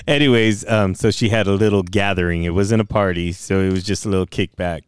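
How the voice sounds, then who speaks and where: A man's voice: deep voice, a little fast, clear, resonant tone, no echo. A young man co-hosting a casual podcast, swearing constantly and rambling through a story with lots of laughs. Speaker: podcast co-host. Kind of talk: casual chat.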